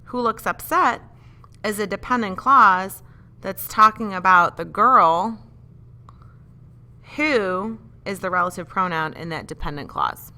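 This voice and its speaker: Bright-voiced woman teaching grammar. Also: medium pitch, animated, unhurried. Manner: patient, explains step by step, asks the class questions. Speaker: English teacher. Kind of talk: grammar lesson.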